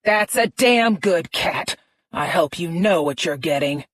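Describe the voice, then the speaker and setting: A woman voicing a foul-mouthed, abrasive older mother who talks loudly and crudely in an audiobook. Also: lowish voice, animated, a little slow, dry recording. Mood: shouting. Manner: loud, crude, shouting.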